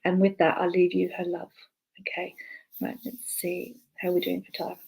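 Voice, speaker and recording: Woman, spiritualist medium giving live online readings; hesitant, lots of fillers and restarts, murmurs quietly to herself between messages. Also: fairly low pitch, completely flat delivery, moderate pace, gravelly, husky, rough recording. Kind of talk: live online clairvoyance demonstration.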